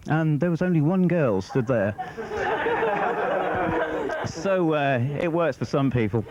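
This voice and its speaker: A man doing a stand-up comedy routine, rambling and deadpan, slipping into acted-out voices. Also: on the high side, unhurried, long pauses. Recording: muffled, slightly noisy 1990s TV broadcast. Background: audience laughter.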